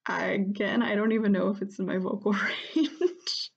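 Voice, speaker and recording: A woman's voice: medium pitch, fairly even intonation, moderate pace, creaky, husky, dull audio. A woman chatting casually and self-deprecatingly, rambling between attempts at character voices. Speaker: voice hobbyist. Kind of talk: casual vlog commentary.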